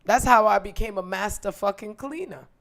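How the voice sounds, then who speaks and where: A woman leading a motivational affirmation talk, blunt and profane, hammering points with forceful emphasis. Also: mid-range voice, normal speed. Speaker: motivational speaker.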